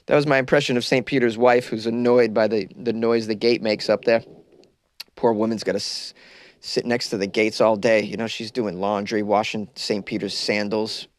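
A man's voice: lowish voice, level tone, normal speed, no echo, clean studio sound. A young man hosting a comedy podcast from a closet, rambling loosely and mocking himself while caffeinated and stoned.

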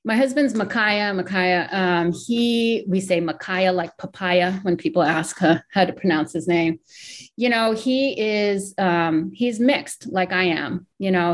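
Woman author, 40s, from Hawaii; reflective interview talk, candid and emotional, slightly low voice. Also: a little hiss or hum. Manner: candid, emotional, thinks aloud.

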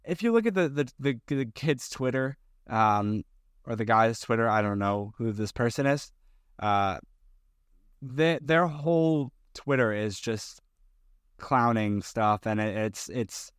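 A man's voice: medium pitch, lively intonation, measured pace, smooth, dry recording, studio quality. A man co-hosting a podcast in casual chat, rambling with many fillers and restarts. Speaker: podcast co-host.

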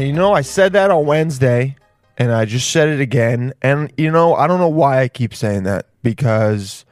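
A man's voice: mid-range voice, no room sound, studio quality. A man hosting his own podcast, rambling casually in slang and calling the listener "dude". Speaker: podcast host. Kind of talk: casual solo podcast monologue.

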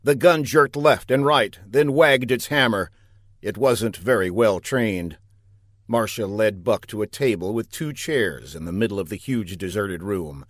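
A man narrating a comic story with a deadpan, pun-heavy delivery. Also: lowish voice, measured pace, dry recording, clean studio sound.

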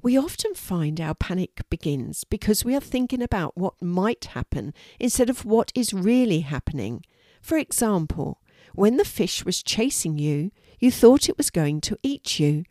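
A woman voicing a kind young girl who guides calmly and patiently. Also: on the low side, moderate pace, no room sound, clean studio sound. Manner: calm and instructive.

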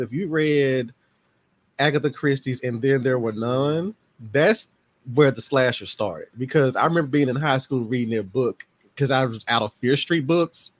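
A man in his forties chats as a guest on a podcast. His voice sits at an ordinary middle pitch, and he tells his stories loosely and playfully. He slips into the voices of the people in them as he goes. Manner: lively storyteller who acts out family members' voices. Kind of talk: casual chat.

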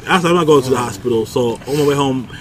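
A man telling a rambling, profane story in a casual chat, acting out quotes in a loud, high voice. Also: rapid-fire, a little hiss or hum. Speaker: podcast co-host telling a story.

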